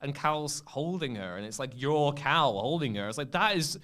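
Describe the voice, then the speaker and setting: A young man on a casual podcast, talking in a smooth, clear voice. He tells his stories with energy and acts out the scenes as he goes. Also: a little high, normal speed. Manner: animated storyteller who acts out scenes. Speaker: podcast co-host. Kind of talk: casual chat.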